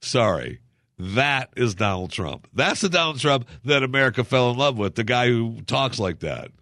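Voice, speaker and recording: A man's voice: medium pitch, big pitch swings, moderate pace, a bit bright, no echo, studio quality. A man giving casual political commentary as a podcast host, in a sarcastic, ranting, mocking manner.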